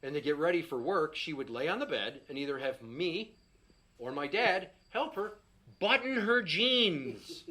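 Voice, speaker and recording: A man's voice: high voice, bright, forceful tone. A middle-aged man doing a stand-up set, telling a profane, exasperated story and acting out the quotes. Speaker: stand-up comedian.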